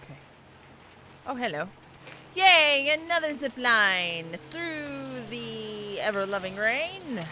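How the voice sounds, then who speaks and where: A woman giving let's play gameplay commentary, slightly hoarse from losing her voice, reacting aloud and talking back to the game. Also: fairly high pitch, very animated, takes it slowly, sharp tone, a little hiss or hum. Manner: reactive, exclaiming, talks to the game.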